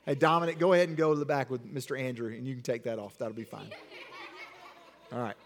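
A man teaching children a Bible lesson, acting out the story and directing the kids with quick, repeated commands. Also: mid-range voice, steady tone, some chatter behind. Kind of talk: interactive acted-out Bible lesson. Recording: long hall reverb.

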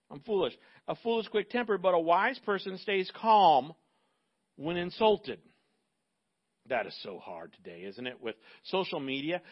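A man's voice: sits high, lo-fi sound. A man preaching a sermon as pastor, conversational and emphatic, with rhetorical asides to the congregation.

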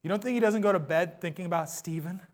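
A man preaching a sermon as pastor, his voice going hoarse, impassioned and swinging between soft, low passages and loud ones. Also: fast.

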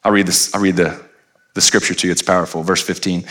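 A man preaching a sermon as pastor, animated, with playful asides and rising to near-shouts. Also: sits low, fast talker.

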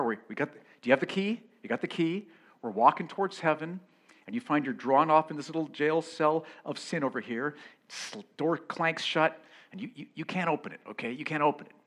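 A middle-aged male pastor preaching a sermon, moving between loud exclamations and hushed whispers. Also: mid-range voice.

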